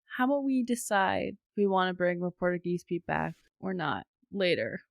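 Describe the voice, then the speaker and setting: A woman's voice: fairly low pitch, animated, moderate pace, gravelly, no room sound, highs cut off. A woman co-hosting a podcast in casual chat, hesitant and laid-back. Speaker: podcast co-host.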